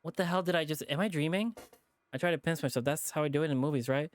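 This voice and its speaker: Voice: mid-range voice, fast talker, dry recording. A streamer reading a visual novel aloud, audibly stressed and rattled, repeating lines and swearing under their breath. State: stressed, shaken. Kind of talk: reading a game aloud with character voices.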